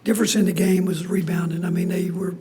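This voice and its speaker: A man speaking as a basketball head coach at a postgame press conference, hoarse with his voice nearly gone, in a breathy half-whisper that keeps stopping and restarting sentences. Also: high-pitched, flat delivery, warm tone, a little hiss or hum. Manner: halting, restarts sentences often.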